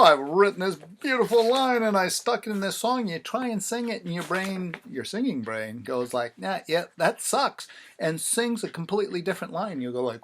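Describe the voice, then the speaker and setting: A man with a slightly high voice talks straight to the camera in a relaxed, wry way, leaning on sarcasm and playful exaggeration. A faint hiss of background noise sits under his voice. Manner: wry, sarcastic, dramatic repetitions. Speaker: songwriter vlogger. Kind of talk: casual self-filmed vlog talk.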